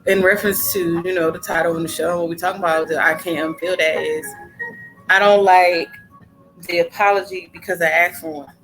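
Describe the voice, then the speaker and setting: A woman's voice: lowish voice, fairly even intonation, a little fast, fairly bright tone, faint music behind, rough recording. A woman hosting a casual podcast, talking emphatically and repeating her points for stress. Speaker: podcast host.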